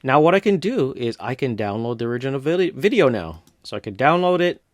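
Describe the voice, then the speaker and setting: Male tutorial host, step-by-step casual walkthrough, dry close sound, mid pitch. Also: fairly quick, no room sound. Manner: relaxed step-by-step narration with casual fillers. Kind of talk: screen-recorded software walkthrough.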